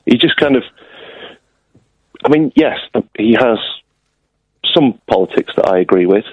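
A man's voice: medium pitch, measured pace, no room sound. A man calling in to a radio show, joking dryly and chatting casually about politics. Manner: wry, deadpan joking. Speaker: caller. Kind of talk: casual phone-in chat. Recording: dull phone-line sound.

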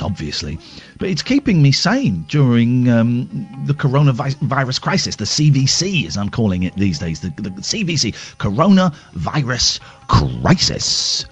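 A man's voice: mid-range voice, slightly rough. A man hosting a radio show from home, joking and teasing, rambling with lots of fillers. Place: home, with kids nearby. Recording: muffled remote radio sound.

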